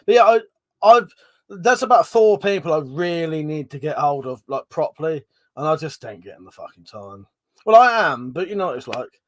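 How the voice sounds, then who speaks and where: A man's voice: fairly high pitch, big pitch swings, moderate pace, dry recording. A man hosting a casual livestream, rambling, swearing freely, laughing often and greeting viewers by name. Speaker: livestream host. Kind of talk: casual live-stream chat.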